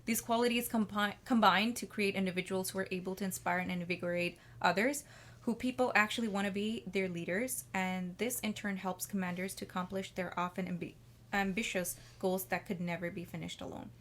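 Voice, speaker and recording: A woman's voice: mid-range voice, fairly even intonation, fairly quick, a bit bright. Self-assured woman rambling in casual chat. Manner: rambling, frequent "like" fillers; self-assured, talks about herself at length. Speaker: podcast guest.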